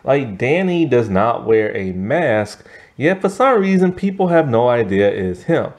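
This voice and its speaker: A man's voice: medium pitch, sing-song, measured pace, a little mellow. A man casually reviewing a cartoon episode, rambling with lots of fillers and self-corrections, a little tired. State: tired, yawning. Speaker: show reviewer.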